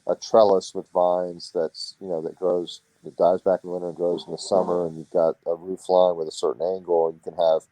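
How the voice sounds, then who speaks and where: A man's voice: sits low, level tone, brisk, few pauses, dark tone, no room sound, poor audio. A man co-hosting a casual podcast chat, talking in a rambling, hesitant way with many restarts.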